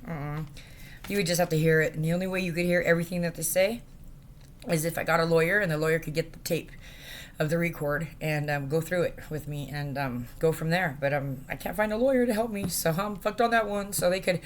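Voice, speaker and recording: A woman with a low voice rants into her phone camera in a rambling, distressed way. She halts often, leans on fillers and swears freely. A faint hiss of background noise sits behind her. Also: steady tone. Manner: distressed, halting, profane, with many fillers. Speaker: vlogger. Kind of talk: rambling direct-to-camera rant.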